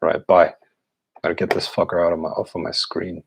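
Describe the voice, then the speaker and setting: Male occultist, casual Q&A host. Gravelly, husky, blunt and profane delivery. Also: low voice, flat delivery, a little fast, low-quality recording. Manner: blunt and profane, with scoffing laughs. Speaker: occultist answering viewer questions. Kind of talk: casual live Q&A.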